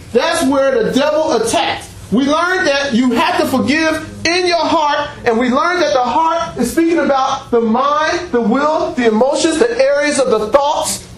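A man preaching a sermon, animated, breaking into shouts and laughter and acting out little dialogues for the congregation. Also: extremely high pitch. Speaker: pastor. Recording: very echoey room, faint background noise.

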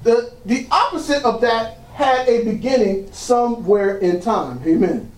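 A man's voice: very high voice, expressive, measured pace, darkish tone. A preacher man delivering a sermon, heard from some distance off the mic in a roomy church. He keeps dropping "praise God" between thoughts and draws amens back from the room. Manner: punctuates lines with "praise God", drawing call-and-response. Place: church sanctuary. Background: congregation answering amen.

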